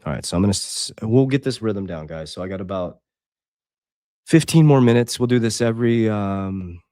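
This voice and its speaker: A man's voice: lowish voice, moderate pace, dry recording, clean studio sound. A man hosting a casual livestream, talking intensely and preachily, reading Bible verses and chat comments aloud. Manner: intense, preachy, swings between loud and quiet. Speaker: livestream host.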